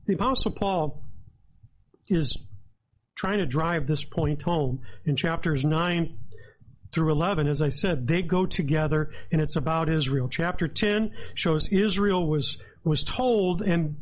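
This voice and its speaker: A man with a high voice preaches a sermon. He talks with earnest emphasis and reads scripture aloud as he explains it verse by verse. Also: a little slow, rough recording. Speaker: pastor.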